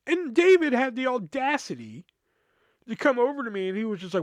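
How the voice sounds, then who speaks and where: A man's voice: very high voice, sing-song, fast, no echo. A man hosting a podcast, telling a long casual story in a rambling, profane way with lots of filler words. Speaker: podcast host.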